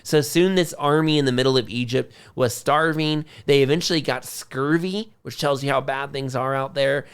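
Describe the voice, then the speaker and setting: Guy on a podcast chatting thru history, kinda gravelly, mid-pitched, super casual storytelling. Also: normal speed, few pauses. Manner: conversational, acts out quotes in a lively way. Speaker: podcast co-host.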